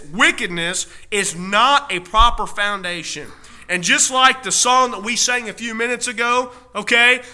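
A man preaching a sermon in a high, very bright voice. He keeps firing rhetorical questions at his listeners and repeats his key phrases, drawing out the punch words for emphasis. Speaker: pastor.

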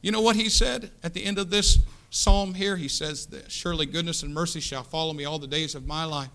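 A man in his fifties from the United States preaching a sermon, building to loud impassioned peaks and dropping to hushed asides. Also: fairly high pitch, fairly even intonation, a little fast. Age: 50s. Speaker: pastor. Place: church sanctuary.

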